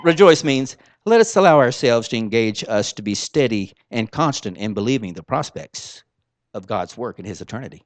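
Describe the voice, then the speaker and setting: A man preaching a sermon, swinging between soft asides and loud exclamations in a folksy, informal way. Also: mid-range voice, lively intonation, normal speed, no echo.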